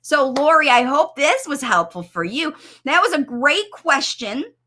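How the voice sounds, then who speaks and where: A woman's voice: high voice, sing-song, unhurried, bright, forceful tone. A woman speech-language pathologist coaching parents on a live stream, explaining with enthusiasm and everyday examples.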